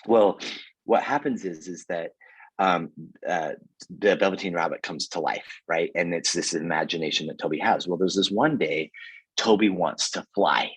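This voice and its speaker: A man with a very low, husky voice tells a motivational story to a team on a video call. He talks with energy but rambles, stacking fillers and restarts, and the sound is close and dry. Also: normal speed, no room sound, rough recording. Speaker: guest speaker, sales executive.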